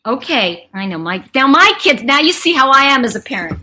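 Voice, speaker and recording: A woman's voice: a little high, animated, a little fast, few pauses, sharp tone, slight background noise. A middle-aged woman hosting a casual live chat, talking in a rambling, chatty way to her viewers. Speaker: livestream host.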